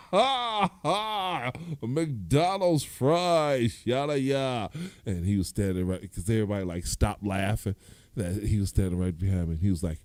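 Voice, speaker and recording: A man with a Detroit accent telling a loud, animated stand-up story, acting out the people in it and laughing often. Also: deep voice, dry recording. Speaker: stand-up comedian.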